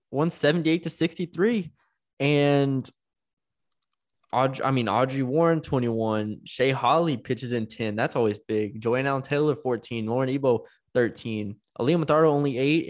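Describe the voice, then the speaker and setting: Casual male sports podcast co-host. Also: mid-range voice. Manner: talks through stats, trips over words.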